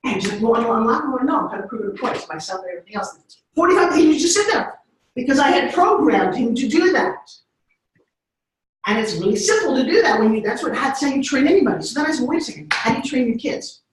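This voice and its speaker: The voice of a middle-aged woman who tells stories with lively energy, slipping into little voices as she goes. It sounds very echoey, as if she is standing well away from the mic in a big bare room. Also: sits high, fast talker, recorded from a distance, slight background noise. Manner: animated, acts out voices. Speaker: speaker. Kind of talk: storytelling talk.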